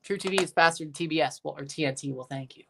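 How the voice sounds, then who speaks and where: A woman hosting a live hockey watchalong, giving relaxed play-by-play, answering chat questions and erupting into shouts on goals. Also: deep voice, fast, vocal fry, slight background noise. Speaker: livestream host.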